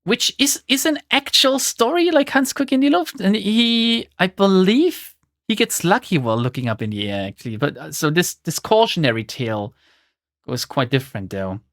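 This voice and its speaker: A woman's voice: fairly low pitch, very animated, moderate pace, no room sound, studio quality. Profane, sardonic young woman streamer. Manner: sardonic, swears freely, laughing commentary. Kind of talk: reading a storybook aloud to stream chat.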